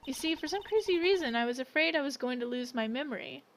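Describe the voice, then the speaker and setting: A woman's voice: high-pitched, expressive, quick pace, slight background noise. A woman reading a flustered young witness. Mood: nervous. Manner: flustered, stammering. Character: young female spirit-medium witness, flustered. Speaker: game reader. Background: game music.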